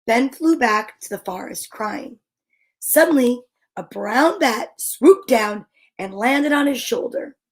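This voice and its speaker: A woman reading a children's picture book aloud, gentle, with whispered asides. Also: on the high side, lively intonation, slow. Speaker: storyteller.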